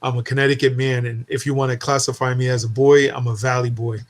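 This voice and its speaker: A man in casual conversation, telling an animated story and acting out the dialogue. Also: mid-range voice, fast. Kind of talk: casual chat.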